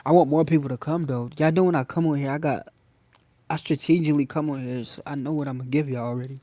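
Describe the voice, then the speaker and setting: A man's voice: fairly high pitch, fairly even intonation, fast talker, warm tone, dry recording. A young man hosting a casual phone livestream, talking loosely in slang and addressing his viewers again and again. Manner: loose slangy talk, addresses chat often. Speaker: livestream host.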